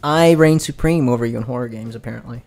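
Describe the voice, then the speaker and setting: Male podcast host, mid pitch, teasing braggy banter. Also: fast, vocal fry, darkish tone, faint music behind. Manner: teasing, boastful. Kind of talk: casual chat.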